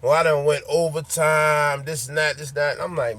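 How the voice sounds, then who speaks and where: A man's voice: fairly high pitch, steady tone, moderate pace, fairly bright tone. A man who drives trucks, ranting bluntly and profanely to his viewers in a casual vlog, repeating his points and speaking straight to them.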